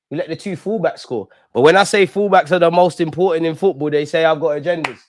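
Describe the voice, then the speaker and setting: A young man hosting a live football watch-along, animated and talking straight to the players and referee. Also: on the high side, fast, few pauses, no echo, clean studio sound.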